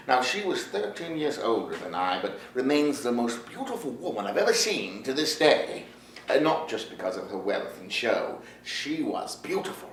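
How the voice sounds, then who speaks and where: A wistful 52-year-old poet, roomy stage. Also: male voice, fairly low pitch, full character voice. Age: 50s. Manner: animated, reminiscing storyteller. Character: 52-year-old playwright, wistful, lovestruck storyteller. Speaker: stage actor in a one-man play. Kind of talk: theatrical stage monologue. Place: theater stage. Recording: roomy stage sound from a far camera with faint noise.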